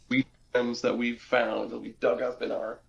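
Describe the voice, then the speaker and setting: A young man chats in a loose, rambling way, stopping and restarting his thoughts often. His delivery stays flat and even, with little rise or fall. The recording sounds dull and lo-fi. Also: medium pitch, moderate pace, creaky. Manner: rambling, many restarts and fillers. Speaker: podcast co-host. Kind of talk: casual chat.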